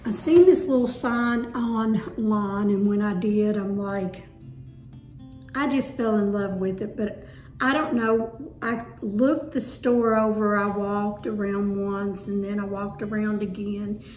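A woman with a Southern US accent shows off a home decor haul, chatty and folksy, gushing over each item. Her mid-range voice is steady, slow and a little mellow, recorded in an echoey room with faint music behind her.

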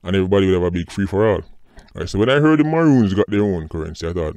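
Jamaican man, low voice, casual commentary vlog, animated, mocking tone, dry sound. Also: quick pace, no room sound. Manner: animated, mocking, repeats "people" and "right". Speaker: commentary channel host.

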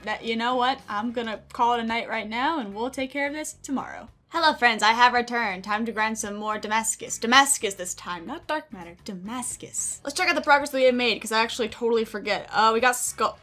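Woman gamer, high bright voice, bubbly play-by-play with lots of laughs, faint game music behind. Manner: excitable, self-deprecating, quick to laugh. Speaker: gaming video creator. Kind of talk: live gameplay commentary.

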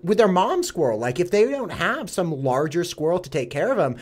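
A man's voice: sits high, fairly quick. A man with an American accent hosting a podcast, telling stories animatedly and acting out quotes. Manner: animated storyteller, acts out quotes. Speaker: podcast host. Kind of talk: casual podcast conversation.

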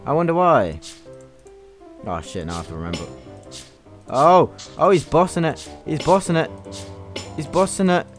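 A man's voice: a little high, expressive, moderate pace, pauses often, faint music behind. A young man giving crude, swear-filled gameplay commentary as a YouTube gamer, mocking the game as he plays. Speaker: gaming YouTuber.

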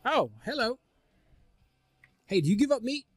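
A man streaming a game, trash-talking and swinging from low mutters to sudden yells. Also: sing-song, moderate pace, soft background music. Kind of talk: casual profane gaming commentary.

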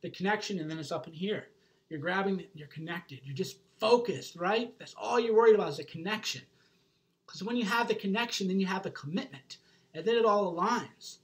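Intense, profane man with a high voice. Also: brisk. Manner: intense, emphatic, profane, keeps checking in with "right?". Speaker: self-help author. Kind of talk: motivational monologue to camera.

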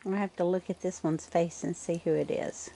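An older woman from Nova Scotia, Canada, chatting calmly to the camera outdoors on a cold night, cooing sweetly to animals. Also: fairly low pitch, normal speed, creaky. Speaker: wife feeding raccoons at home. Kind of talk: casual chat to camera.

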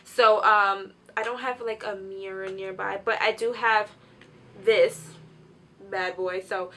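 A tired young woman casually reviewing a beauty product while sitting on the floor at home, chatty and excitable, with lots of fillers. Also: medium pitch, slow pace, a little hiss or hum. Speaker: beauty vlogger.

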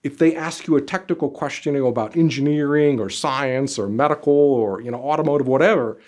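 Energetic male interview coach, speaks straight to camera, emphatic, chatty, medium pitch. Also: a little fast. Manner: animated, emphatic, gestures with arms and body; conversational, many "you know" fillers. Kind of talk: direct-to-camera advice video.

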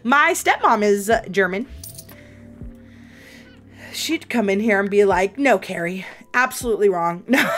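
A woman's voice: mid-range voice, a bit bright. A young woman streaming a life-sim game, chatting casually to her viewers with lots of giggles and exclamations. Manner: bubbly, giggly, talks to chat. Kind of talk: casual gameplay commentary.

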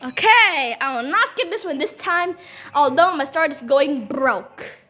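A woman's voice: high-pitched, expressive, unhurried, bright, forceful tone, faint music behind. A young teenage girl commentating her game pulls at home, squealing, pleading and groaning at each result. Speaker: gaming video creator. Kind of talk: excited gacha-pull commentary.

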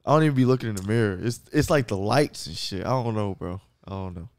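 A man co-hosting a podcast in casual chat, reacting loudly and calling people bro. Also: lowish voice, lively intonation, fast talker, dry recording, clean studio sound. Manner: reactive, says bro a lot, laughs. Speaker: podcast co-host.

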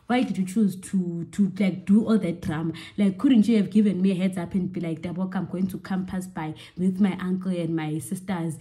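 A young woman telling a story to her viewers in a chatty, animated way, full of fillers and repeated words. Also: lowish voice. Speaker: vlogger. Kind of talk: casual storytime vlog.

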